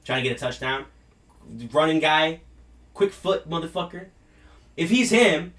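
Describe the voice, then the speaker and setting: A man's voice: fairly high pitch, a bit bright, far from the mic. Man ranting profanely about politics. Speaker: show host. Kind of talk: heated political commentary.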